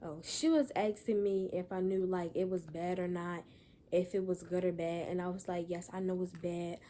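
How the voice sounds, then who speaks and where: A woman's voice: fairly low pitch, little pitch movement, normal speed. Young female vlogger, holding back tears, rambling with lots of fillers over faint background noise. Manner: rambling, repeats "y'all" and "like". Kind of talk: emotional personal vlog.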